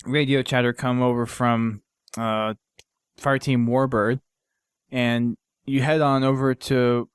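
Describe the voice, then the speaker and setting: A man's voice: medium pitch, clean tone, dry recording. A man hosting a podcast, casually recapping a game mission in a rambling way with lots of fillers and restarts. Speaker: podcast host.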